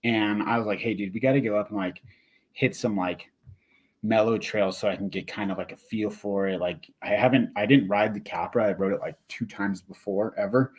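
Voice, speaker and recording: A man who rides and coaches mountain biking, chatting casually as a podcast guest, excited and full of slang. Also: fairly low pitch, normal speed, breathy edge. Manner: excited, laid-back, lots of slang. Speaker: guest, mountain bike rider and clinic coach.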